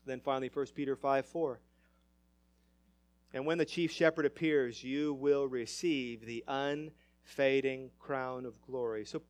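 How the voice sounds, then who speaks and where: A man pastor preaching a sermon emphatically, his loudness rising and falling. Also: mid-range voice, no room sound.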